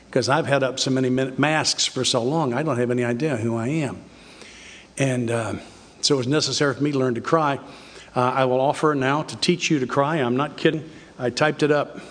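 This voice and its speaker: An older man giving an earnest, confessional recovery talk, telling his story with halting restarts. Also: medium pitch. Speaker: recovery speaker. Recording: reverberant hall.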